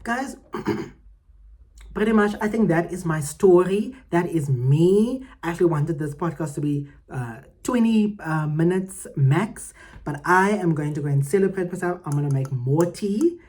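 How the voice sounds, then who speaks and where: Deep-voiced woman podcasting. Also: expressive, a little slow. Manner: heartfelt, emphatic, swings loud and soft. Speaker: podcast host. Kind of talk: motivational solo podcast talk.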